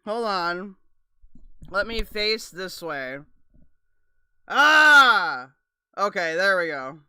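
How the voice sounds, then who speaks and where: A woman co-hosting a livestream, with a bright, smooth voice and a playful, candid manner. She sounds dry and close to the mic. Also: on the low side, animated, slow, no room sound. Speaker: livestream co-host. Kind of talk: casual livestream chat.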